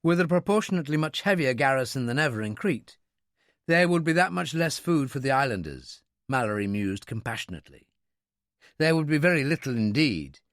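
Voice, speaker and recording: A man narrating a wartime thriller audiobook with an expressive, dramatic reading. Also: medium pitch, brisk, dry recording, clean studio sound. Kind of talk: scripted narration.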